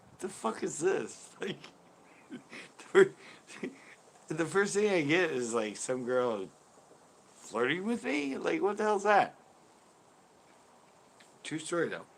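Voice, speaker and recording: A man in his fifties hosting his channel, telling a story in casual chat, animated, laughing often and cursing freely. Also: on the high side, slow, gravelly, long pauses, slight background noise. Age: 50s. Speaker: host.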